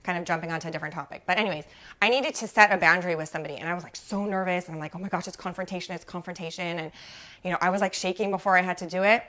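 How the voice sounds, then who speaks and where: A woman's voice: lowish voice, racing, fairly bright tone. A woman hosting a live coaching talk for mothers, chatty, often asking "right?" and greeting viewers by name. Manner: chatty, keeps asking "right?" and uses lots of "like". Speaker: mom life coach hosting a live show.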